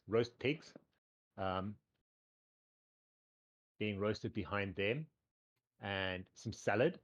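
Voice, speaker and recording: A man runs a tabletop game and narrates the scene in a loose, rambling way, often stopping on "um" and repeating "cool". His voice sits low. The audio comes over a call and sounds dull and lo-fi. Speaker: game master.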